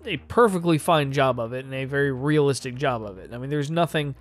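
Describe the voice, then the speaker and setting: A man's voice: mid-range voice, expressive, fairly quick. Opinionated man reviewing casually. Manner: opinionated, rambling. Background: faint music.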